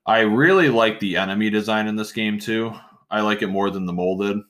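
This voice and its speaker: Deep-voiced man rambling casually. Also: brisk. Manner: rambling and animated, self-interrupting. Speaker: podcast co-host. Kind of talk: casual chat.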